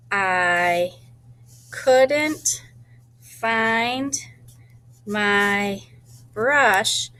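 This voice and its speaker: A woman teacher thinking aloud in a gentle voice and slowly sounding out words as she models a writing lesson for young children. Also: medium pitch, slight background noise. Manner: slow, deliberate sounding-out of words.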